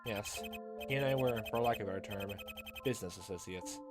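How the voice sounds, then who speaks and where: A man's voice: on the low side, a little fast, lightly acted. A man voicing a subdued male art dealer giving a resigned confession, over game music.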